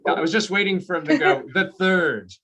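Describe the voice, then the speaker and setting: A man doing a stand-up comedy set on a video call, telling stories in an animated way and laughing at his own jokes. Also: a little high, fast.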